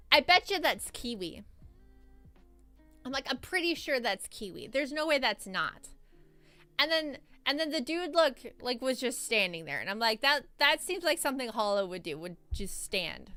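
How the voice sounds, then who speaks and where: A young woman vtuber telling a rambling, animated story in a casual recap, laughing often. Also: high-pitched, dry recording. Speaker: vtuber streamer.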